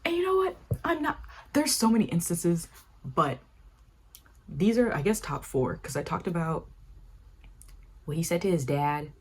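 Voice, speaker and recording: Low husky young woman ranting. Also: a little slow, pauses often. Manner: animated and exasperated, acting out quotes with jumps in pitch. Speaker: video essay creator. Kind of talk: casual commentary.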